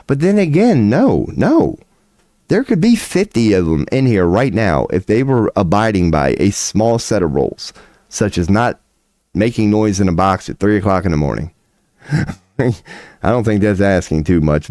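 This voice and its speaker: Rambling, animated man telling a story. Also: fairly low pitch, dry recording, studio quality. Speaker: livestream host. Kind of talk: casual livestream storytelling.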